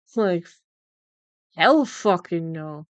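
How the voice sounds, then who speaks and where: A woman's voice: fairly low pitch, expressive, slow, no echo, muffled recording. Woman, young adult, livestreamer, casual chat, incredulous, swears a lot, dry close sound. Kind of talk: casual chat while drawing.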